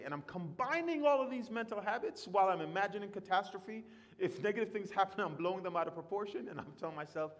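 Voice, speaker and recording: A man preaching in a church sanctuary with a slightly high voice. He surges loud for emphasis, then sinks quiet and slow. A long church-hall reverb trails every phrase. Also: expressive. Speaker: pastor. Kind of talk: sermon.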